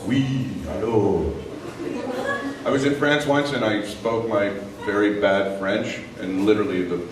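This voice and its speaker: On a comedy club stage, a Canadian man does stand-up with crowd work, speaking at normal speed in a fairly low voice far from the mic. He's animated and lurches into loud character voices and rants, with the live recording roomy and audibly noisy.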